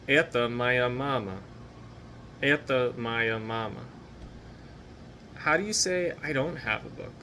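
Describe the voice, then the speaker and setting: Bright-voiced, patient male language teacher. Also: mid-range voice, a little hiss or hum. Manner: patient, slow drilled repetitions of each phrase; encouraging. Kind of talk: recorded language lesson.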